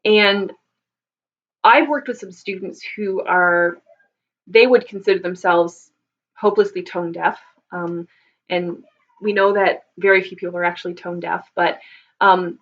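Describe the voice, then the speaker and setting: A woman voice teacher talks through singing technique for viewers in an unhurried, patient way, often pausing and rephrasing as she thinks. Her voice sits in an ordinary middle pitch. The recording is a bit dull and lo-fi. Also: fairly even intonation, fairly bright tone. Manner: thoughtful, many ums and restarts, explains patiently. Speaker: voice teacher answering viewer questions. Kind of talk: live Q&A teaching. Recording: slightly dull lo-fi sound.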